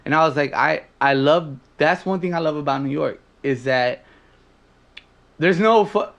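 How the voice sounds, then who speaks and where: Young LA dude w south central twang, kinda high voice, swears a lot, keeps restarting his sentences. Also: moderate pace, gravelly, muffled recording. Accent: Los Angeles, South Central. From Los Angeles. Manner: animated, profane, lots of fillers and restarts. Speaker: podcast co-host. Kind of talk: casual chat.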